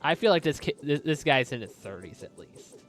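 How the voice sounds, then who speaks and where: Casual male game host, rambling delivery, a bit high-pitched. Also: very animated, a little fast, fairly bright tone, faint music behind. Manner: rambling, full of restarts. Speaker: let's play host. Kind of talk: casual gaming commentary.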